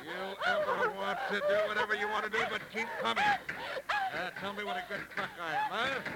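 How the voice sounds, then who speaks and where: A man's voice: very high voice, huge pitch swings, normal speed, vocal fry, heavy background noise, exaggerated voice. A man playing a bossy, crude adult lover in an audio drama, barking coarse commands and taunts. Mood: commanding. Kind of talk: explicit audio drama acting.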